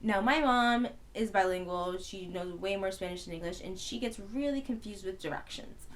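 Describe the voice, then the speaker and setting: A young adult woman co-hosting a podcast tells a long story in casual chat, rambling and animated and constantly saying "like." She speaks at a moderate pace in a mid-range voice.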